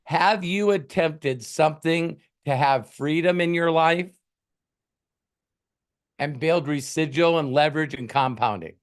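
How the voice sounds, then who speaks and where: A man's voice: on the high side, unhurried, close to an everyday voice. A man doing an impression of a stern, impatient older female TV judge who scolds in clipped demands. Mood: scolding.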